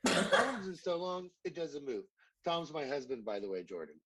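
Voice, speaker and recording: A man's voice: fairly high pitch, very animated, moderate pace, background noise. A man co-hosting a podcast in casual group chat, chatty and rambling, with self-deprecating humor. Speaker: podcast co-host.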